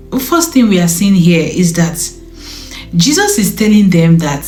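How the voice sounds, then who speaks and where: A woman teaching from the Bible in a relaxed, conversational way, reading verses aloud and then explaining them with pauses and hesitations. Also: medium pitch. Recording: echoey room from a distance with soft music.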